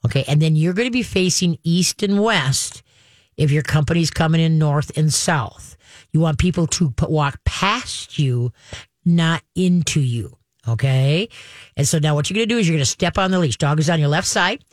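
A woman's voice: low voice, animated, moderate pace, dry recording, studio quality. A woman hosting a pet advice show, talking through dog training steps in a chatty way, often saying "okay" and acting out dogs and owners. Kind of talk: call-in advice show talk.

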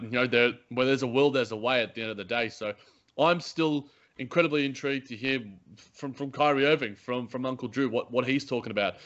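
A man talks quickly as a podcast co-host, rambling through his points and stumbling over repeated words with a joking streak. His audio sounds a little dull and lo-fi. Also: mid-range voice, fairly bright tone. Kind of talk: casual sports podcast chat.

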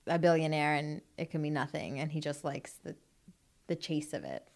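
Low-voiced woman in casual chat. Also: fairly even intonation, moderate pace, vocal fry, background noise. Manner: short agreeing responses.

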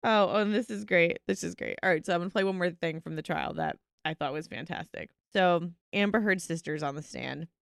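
A woman's voice: on the low side, a little fast, creaky, few pauses, no room sound, clean studio sound. A woman co-hosting a podcast in casual comedic chat, blunt and teasing, laughing often. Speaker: podcast co-host.

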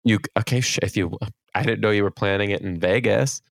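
A young man co-hosting a casual podcast chat, joking and teasing in quick playful banter. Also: lowish voice, vocal fry, no room sound, clean studio sound. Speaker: podcast co-host and comedian.

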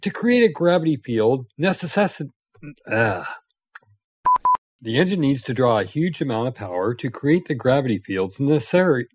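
A man's voice: medium pitch, very animated, normal speed, darkish tone, breathy edge. A man co-hosting a podcast in casual banter, sounding exasperated and self-mocking, with sighs and laughs. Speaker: podcast co-host.

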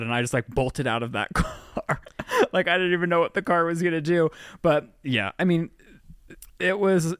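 A man co-hosting a podcast in casual chat, talking quickly with lots of "like" fillers. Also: mid-range voice, a bit bright, dry recording, clean studio sound. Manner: quick, chatty, full of "like" fillers. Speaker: podcast co-host.

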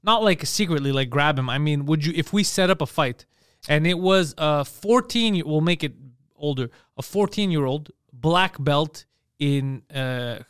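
High, lively-voiced teasing man. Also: a little slow, smooth, no echo, clean studio sound. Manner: teasing, needling, deadpan jokes. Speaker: comedian podcast host. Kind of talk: casual podcast banter.

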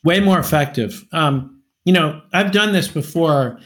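A middle-aged man co-hosting a comedy podcast, rambling through anecdotes and breaking into shrill acted quotes. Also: measured pace, fairly bright tone. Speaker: podcast co-host. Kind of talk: casual comedic storytelling.

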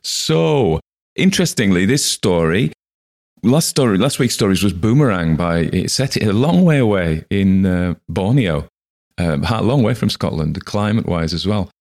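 A man's voice: deep voice, expressive, moderate pace, darkish tone. A man hosting a podcast, talking through a story he read in a rambling, reflective way, with many fillers and restarts. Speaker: podcast host. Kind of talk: casual spoken commentary on a story.

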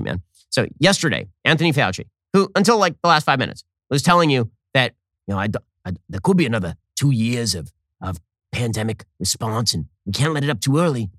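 A man hosting a political commentary show, delivering a fast, sarcastic, exasperated monologue. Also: mid-range voice, fairly bright tone, no room sound, studio quality.

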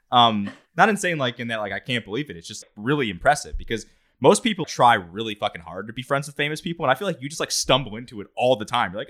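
A man's voice: mid-range voice, bright, forceful tone. A man co-hosting a podcast in casual chat, asking eager questions and swearing casually. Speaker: podcast co-host.

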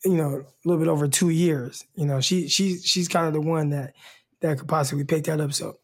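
A man's voice: fairly high pitch, steady tone, brisk. A man from California co-hosting a sports podcast, chatting in an easygoing way and repeating words. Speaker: podcast co-host, former football player. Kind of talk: casual sports podcast chat.

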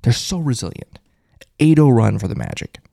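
Pumped-up guy reading his live chat, dark gravelly voice, dry sound. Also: medium pitch, normal speed, dry recording. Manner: excited, reads viewer comments aloud. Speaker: host of a fan postgame show.

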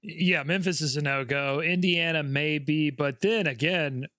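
Bright-voiced man. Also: a little high, no echo, clean studio sound. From North Carolina. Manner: measured, skeptical, joking. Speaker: podcast co-host. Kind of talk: casual sports talk.

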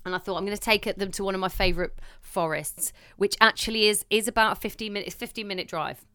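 Bright, crisp-voiced woman telling stories. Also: medium pitch, fairly even intonation, fast talker, no room sound, studio quality. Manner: chatty storyteller who swears and acts out her own quotes. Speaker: podcast co-host. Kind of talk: casual chat.

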